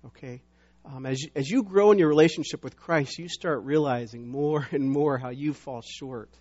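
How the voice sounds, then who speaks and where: A man's voice: medium pitch, normal speed, a little mellow. A middle-aged man preaching a sermon as pastor, talking conversationally with many restarts and fillers, growing emphatic when he reads scripture. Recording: dull lo-fi sound.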